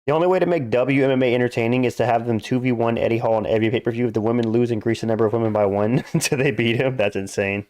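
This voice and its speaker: A man's voice: medium pitch, fairly even intonation, rapid-fire, hardly any pauses, a little mellow, no echo. A man live-streaming fights, chatting casually, reading out chat questions and answering them bluntly with crude jokes. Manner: blunt, joking, crude and dismissive.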